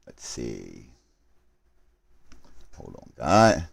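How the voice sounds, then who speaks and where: A man's voice: a bass voice, huge pitch swings, drawn-out words, gravelly, no echo. A man live streaming a game, talking to his chat while he hurries through setup and apologizes for his mistakes.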